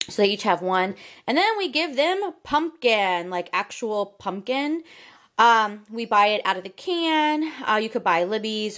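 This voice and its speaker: A young woman with a drawl chatting casually through a home vlog, rambling with lots of fillers and switching to a high cooing voice for her pets. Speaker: vlogger.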